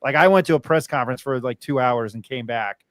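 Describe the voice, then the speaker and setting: A man's voice: mid-range voice, brisk, no room sound. A man from New Mexico hosting a podcast, telling stories casually with many fillers and restarts. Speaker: podcast host. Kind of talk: casual chat.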